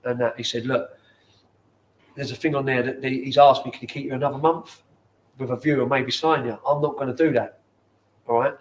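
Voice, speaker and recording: A man in his forties with a London accent, a former footballer telling stories in casual chat in a bar, animated and swearing often. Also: medium pitch, brisk, pauses often, a little hiss or hum. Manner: animated, swears often, acts out quoted people. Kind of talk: casual storytelling.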